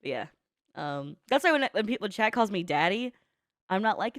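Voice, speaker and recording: A woman's voice: medium pitch, very animated, a little fast, fairly bright tone, no echo, clean studio sound. A young woman streamer in casual chat, blunt, laughing often and swearing freely. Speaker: streamer reacting to a video.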